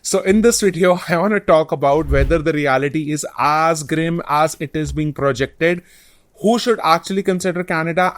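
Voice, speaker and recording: Guy talking to camera, slightly high voice, dry close sound, walks thru points one by one. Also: dry recording. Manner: earnest, explanatory, lays out points in order. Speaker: host of a study-abroad advice channel. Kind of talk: direct-to-camera advice talk.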